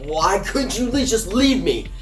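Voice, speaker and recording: A woman reading the lines of a weary, bitter male chimp detective in a low, plain voice. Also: expressive, unhurried, echoey room. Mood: gloomy.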